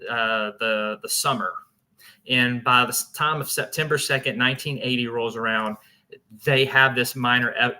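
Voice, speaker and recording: Bright-voiced chatty man. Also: medium pitch. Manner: chatty, laughs often, many restarts and fillers. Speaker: paranormal show host. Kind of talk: casual storytelling to an audience.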